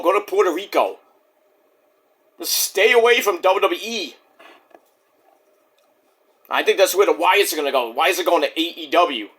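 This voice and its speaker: A man's voice: high-pitched, breathy edge. Hyped guy rambling through a wrestling review, swears a lot, voice jumps all over. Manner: excitable and profane, acts out quotes in silly voices. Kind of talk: casual solo review vlog.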